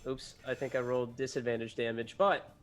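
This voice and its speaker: A man's voice: mid-range voice, level tone. Hesitant man playing a tabletop game. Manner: hesitant, halting questions. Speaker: player. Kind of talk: casual tabletop play.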